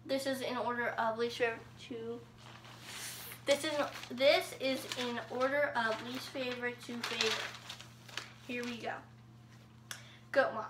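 Casting: female YouTube host, chatty and unhurried, high bright voice. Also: steady tone, echoey room, a little hiss or hum. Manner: chatty, self-deprecating, with fillers and restarts. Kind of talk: casual voice-impression video.

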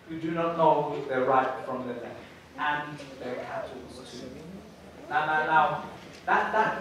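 High-voiced male pastor, animated storytelling sermon, heard from afar in a very echoey church hall. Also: recorded from a distance, slight background noise. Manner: animated storytelling, repeats words when building a point.

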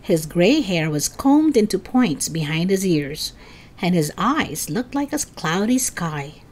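A woman reading a children's book aloud as storyteller, with expressive narration. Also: lowish voice, takes it slowly.

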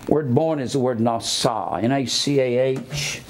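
A man's voice: unhurried, few pauses, a little hiss or hum. Emphatic preaching man. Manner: spells out words letter by letter; swings between low asides and raised emphatic preaching. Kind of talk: sermon.

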